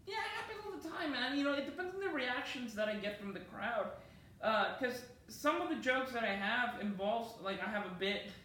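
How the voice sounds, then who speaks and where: A man's voice: extremely high pitch, animated, moderate pace, pushed and bright, a little hiss or hum. A man from Mexico, a stand-up comedian, chatting casually in an interview and often saying "man". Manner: laid-back, sprinkles in "man", acts out quoted bits. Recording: echoey room, distant mic.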